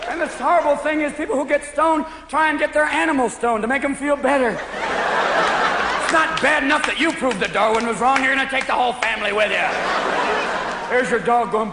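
A man's voice: extremely high pitch, a little fast, heavy background noise. A man doing a stand-up comedy routine with manic energy, jumping into silly character voices. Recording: live show, echoey room, loud crowd laughter.

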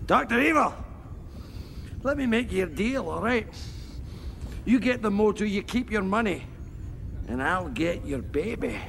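An actor playing an obese, crude, greedy henchman in a comedy film, talking in a boisterous, gravelly bellow. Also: high-pitched, lively intonation, measured pace, pauses often, a bit bright, heavily acted. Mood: scheming. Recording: film soundtrack with long reverb, faint noise.

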